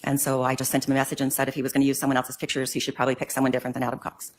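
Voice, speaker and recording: A woman's voice: very deep voice, monotone, very fast, slight background noise. An older woman giving court testimony, answering hesitantly with many ums. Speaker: witness in court.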